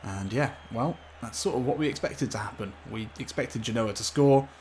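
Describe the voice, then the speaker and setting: A man commentating on his own football video game play, getting excitable at the chances. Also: mid-range voice, normal speed, a little hiss or hum. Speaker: gaming YouTuber. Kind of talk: gameplay commentary.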